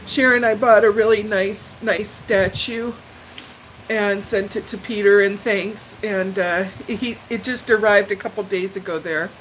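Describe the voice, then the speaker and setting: A woman's voice: mid-range voice, fairly even intonation, measured pace, slight background noise, rough recording. An older woman chatting live with her viewers, emotional and tearful as she gushes her thanks. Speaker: livestream vlogger. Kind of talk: casual live chat with viewers.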